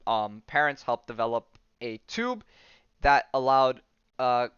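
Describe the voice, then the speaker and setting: Rambling young man with a smooth voice. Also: mid-range voice, very animated, measured pace, a bit bright, dry recording. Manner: rambling and enthusiastic, frequent ums and restarts, slangy. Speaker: podcast host. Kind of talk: casual comic book recap. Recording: dull lo-fi sound, dry.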